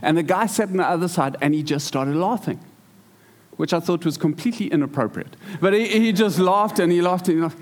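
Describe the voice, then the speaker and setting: A man preaching to a church congregation, telling stories in a lively way that stumbles and repeats words. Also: high voice, fairly quick. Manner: storytelling, animated, repeats words. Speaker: pastor. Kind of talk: sermon. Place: church hall.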